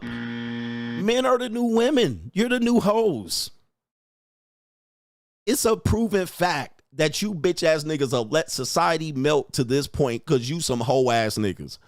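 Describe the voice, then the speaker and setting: The audio is dry and studio quality as a young streamer with a fairly high voice goes off on his chat, cursing, ridiculing, confronting, and laughing often throughout the rant.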